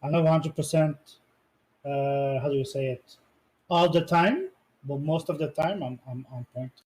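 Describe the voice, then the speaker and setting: Higher-voiced man, casual interview answers. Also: moderate pace, a little mellow, low-quality recording. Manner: rambling, searches for English words. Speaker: esports player being interviewed.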